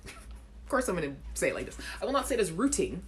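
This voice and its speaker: Lively woman hosting a live chat. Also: on the low side, fast. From Caribbean. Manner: animated, reads out viewer comments and laughs. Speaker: live chat show host. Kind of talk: casual chat to live viewers.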